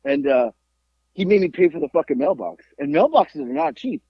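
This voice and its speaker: Husky, animated man telling a story. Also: on the high side, moderate pace, no room sound, muffled recording. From Florida, US. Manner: animated, profane, repeats himself. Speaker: podcast host. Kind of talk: casual storytelling chat.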